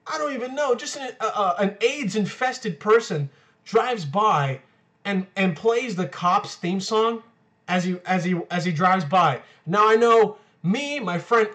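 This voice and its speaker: A man's voice: high-pitched, a bit bright. A young man in college telling a story casually, rambling and crude, with many fillers and swear words. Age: young adult.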